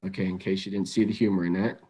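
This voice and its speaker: Low-voiced calm male webinar presenter. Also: slightly rough. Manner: calm, measured, repeats words as he thinks aloud. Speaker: webinar presenter on crisis intervention. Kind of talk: instructional webinar talk.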